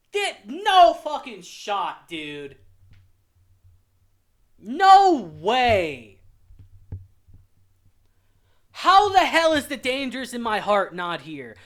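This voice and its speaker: A man's voice: high voice, very animated, slow, fairly bright tone. A young man hosting his own channel, ranting in a heated, profane, exasperated way while reacting to a list. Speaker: anime reviewer, channel host. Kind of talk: casual reaction rant.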